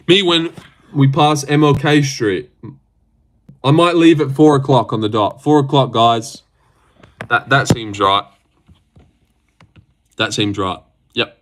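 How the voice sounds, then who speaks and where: A young man hosting a casual livestream, reacting to fights in a loose, sweary, excitable way into a desk mic. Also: mid-range voice, a little slow. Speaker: livestream host.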